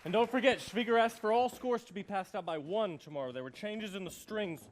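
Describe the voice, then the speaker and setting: An actor playing a fussy, uptight young musician in a stage musical, huffing indignantly and scolding. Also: male voice, high voice, fairly quick, slight background noise, close to an everyday voice. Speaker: conductor's assistant. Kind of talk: musical theater stage dialogue.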